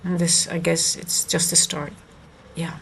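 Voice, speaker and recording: Woman, live-stream trader, low gravelly voice, halting, restarts. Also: level tone, fairly bright tone, slight background noise. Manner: rambling, halting, many restarts and fillers. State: moved and emotional. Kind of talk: casual live-stream chat.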